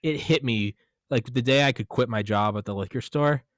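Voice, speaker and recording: In relaxed conversation, a young podcast host recounts a story packed with profanity and quoted lines from himself and others. He speaks at a moderate pace with medium pitch; studio quality, no room sound.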